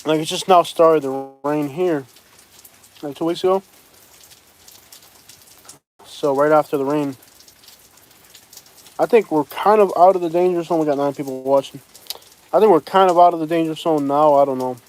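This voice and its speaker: A man's voice: on the high side, normal speed, long pauses, a little mellow. A man chatting casually and rambling to livestream viewers from outdoors in the rain. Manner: rambling, talks straight to chat viewers. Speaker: livestream host. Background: rain falling.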